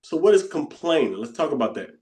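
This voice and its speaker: A bootcamp coach with a fairly high, darkish voice talks fast, his pitch swinging widely. He teaches in a loose, conversational style, repeating phrases and muttering inner voices under his breath.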